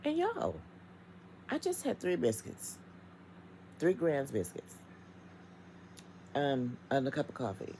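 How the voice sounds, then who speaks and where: A middle-aged woman vlogger with a strikingly low, mellow voice that swings widely in pitch. She speaks emphatically and chattily to her viewers from home, with a faint hum of noise behind her. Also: big pitch swings, slow, pauses often, low-quality recording. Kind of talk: casual vlog rant.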